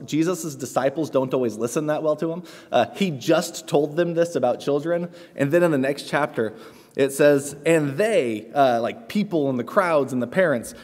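A man delivers a sermon in an earnest, conversational way, with easy fillers and the odd light laugh. His voice sits at an ordinary middle pitch. It rings out with the long reverb of a church hall. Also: a little mellow. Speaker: preacher. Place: church sanctuary.

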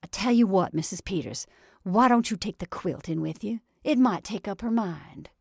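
A woman's voice: mid-range voice, lively intonation, measured pace, darkish tone, no echo, clean studio sound. A woman doing earnest farm wife Mrs. Hale. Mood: brisk. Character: plain-spoken farm wife, middle-aged, shaken.

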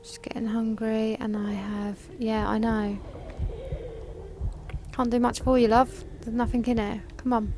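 A woman's voice: a little high, level tone, a little slow, a little mellow, a little hiss or hum. A young woman commentating a horror game as she plays, frantically urging her character on, swearing, and muttering to herself. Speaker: gaming video host.

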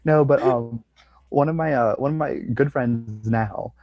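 A man's voice: mid-range voice, a little slow, dry recording. A man, a comedian guest, chatting casually on a podcast, rambling with lots of fillers and restarts. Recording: dull, dry lo-fi audio.

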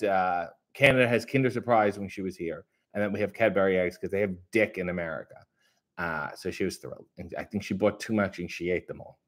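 Jokey man reading chat, very animated pitch. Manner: jokey, sarcastic, rambling. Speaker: livestream host reading chat. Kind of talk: casual live chat.

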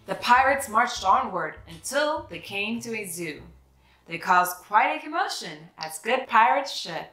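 A woman reading a children's picture book aloud, with expressive, animated delivery. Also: mid-range voice, a little slow. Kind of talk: read-aloud storytelling. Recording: echoey room, soft music behind.

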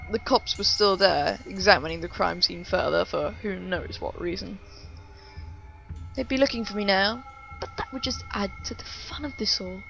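A woman narrating a horror story in first person, reading in an even, measured way. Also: medium pitch, gravelly, dull audio.

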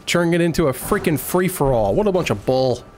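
Man, let's play commentary, exasperated, yells at the screen, bouncy voice. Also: fairly high pitch, animated, brisk, slight background noise. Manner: exasperated, shouts at enemies on screen. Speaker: gaming video host. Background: game music.

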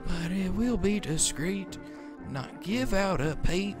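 Lady doing a loud crude game mom, drawn-out and dramatic, swoops all over, slow. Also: on the low side, expressive, music in the background, voice pushed down. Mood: sing-song. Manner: theatrical, crude, sing-song rhymes. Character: crude melodramatic man-hungry mother.

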